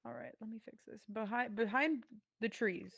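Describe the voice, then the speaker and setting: Woman game master, gravelly voice, dry close sound, casual and halting narration. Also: a little high, fairly bright tone, dry recording. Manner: casual, hesitant narration with many fillers.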